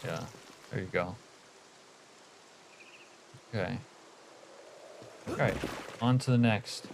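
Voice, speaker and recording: A man's voice: fairly low pitch, slow, gravelly, very noisy. A man streaming a game, chatting with viewers and muttering asides, swearing freely. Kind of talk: casual gameplay commentary.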